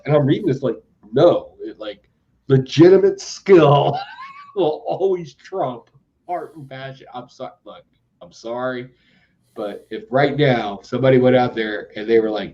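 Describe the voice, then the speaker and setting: A man's voice: medium pitch, expressive, a little slow, a little mellow, highs cut off. A man hosting a comic book podcast, chatting casually with sarcastic asides and frequent laughter. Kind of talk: casual comic review chat.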